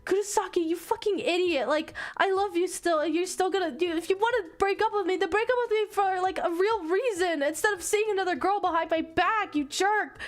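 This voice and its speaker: A woman voicing a shy teenage schoolgirl in love, talking high and anxiously. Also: fast. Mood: angry.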